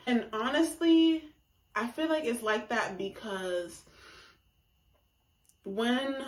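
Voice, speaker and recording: A woman's voice: a little high, echoey room. A woman giving a casual monologue about relationships, talking emphatically and acting out reactions in quoted voices. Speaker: relationship commentator.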